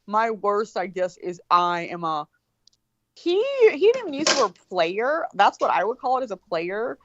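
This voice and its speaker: A woman telling a long story in casual chat, animated and profane, acting out the voices of the people in it. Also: mid-range voice, normal speed, lo-fi sound, noisy background. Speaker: guest.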